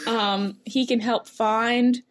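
A woman chatting casually, retelling a story in an animated, rambling way with lots of laughter. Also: a little high, slow. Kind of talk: casual chat.

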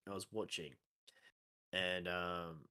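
A man's voice: sits low, little pitch movement, slow pace, bright, forceful tone, clear, resonant tone, dry recording, clean studio sound. A young Australian man co-hosting a podcast, chatting casually and rambling with lots of fillers and restarts. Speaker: podcast co-host. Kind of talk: casual chat.

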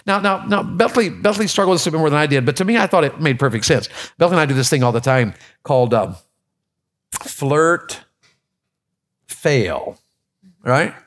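A man's voice: on the high side, animated, moderate pace, long pauses. A man from Tennessee preaching a sermon in a church, folksy and joking with the congregation, often repeating his words. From Tennessee, USA.

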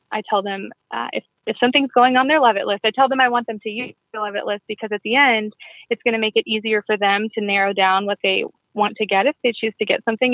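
A woman casually explaining her jewelry party sales routine in a playful, upbeat way, with self-corrections and quick laughs. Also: medium pitch, dry recording. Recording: tinny phone-line audio.

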